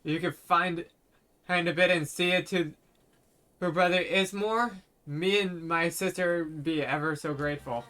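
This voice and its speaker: A man doing a soft-spoken grieving village boy. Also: fairly high pitch, steady tone. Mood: pleading. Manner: folksy rural dialect, quiet and halting.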